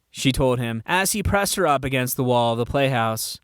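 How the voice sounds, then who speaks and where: A man narrating a fan audiobook reading in a measured storytelling manner. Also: mid-range voice, expressive, clean tone, dry recording, studio quality.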